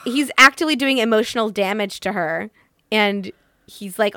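A woman's voice: medium pitch, normal speed, pushed and bright, no room sound. A woman in casual conversation, talking bluntly and with indignation, and swearing casually. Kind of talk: casual book discussion chat.

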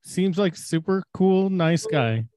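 Slow-talking wisecracking man, dry sound. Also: sits high, animated, mellow, dry recording. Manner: wisecracking, laughs a lot. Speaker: podcast co-host. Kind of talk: crude casual chat.

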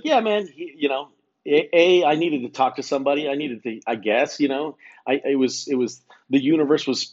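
Rambling, stammering man with a mid-pitched voice. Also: dull audio. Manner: rambling, stammering restarts, heavy swearing, laid-back. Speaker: podcast host. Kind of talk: rambling solo monologue.

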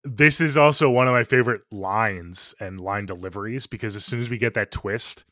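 This man co-hosts a podcast and talks about a movie in a relaxed, excited way, cursing openly and using plenty of fillers. He speaks at a normal speed with a low-leaning, sharp-toned voice, recorded in a studio without any echo.

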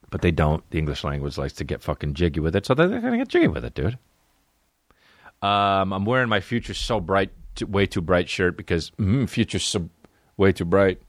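A man's voice: low-pitched, no echo, studio quality. A young man hosting a solo comedy podcast, telling rambling stories full of swearing. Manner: profane, rambling storytelling. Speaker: podcast host.

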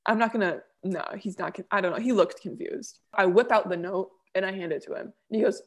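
A young woman co-hosting a casual chat, telling a story with lively acted-out quotes. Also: mid-range voice, fairly quick, few pauses. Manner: animated, acts out quoted voices. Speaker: podcast co-host.

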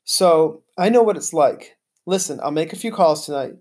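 A reader voicing a calm, stern older woman teacher who speaks in a measured, gently firm way. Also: mid-range voice, natural voice. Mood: earnest.

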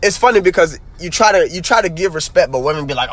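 A man's voice: fairly high pitch, lively intonation, fast, hardly any pauses. A young man hosting a casual solo podcast, rambling with slang fillers and repeating himself as he makes his point emphatically. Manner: grows heated and emphatic. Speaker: podcast host.

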